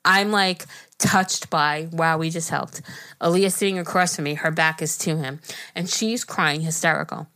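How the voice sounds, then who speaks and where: A middle-aged woman co-hosts a relaxed podcast, her voice placed somewhat low. She tells stories with animation and lets her feelings show readily. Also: normal speed. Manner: emotional, animated storyteller. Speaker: podcast co-host. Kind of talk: casual podcast chat.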